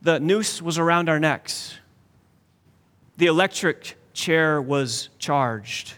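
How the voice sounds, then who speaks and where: A man preaching a sermon emphatically, dropping to a near hush to stress key points. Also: a little high, takes it slowly, big-room sound. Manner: emphatic, with dramatic drops to a hush.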